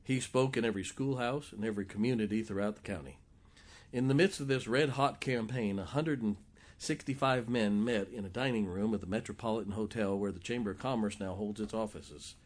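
A male pastor preaching a sermon, telling stories in an animated, jokey way and acting out the quotes. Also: lowish voice, a little fast. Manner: animated, jokey storyteller who acts out quotes. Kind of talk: sermon storytelling.

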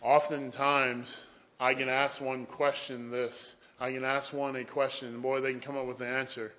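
A man's voice: mid-range voice, flat delivery, normal speed, sharp tone. A man preaching a sermon, telling folksy stories and often saying "boy".

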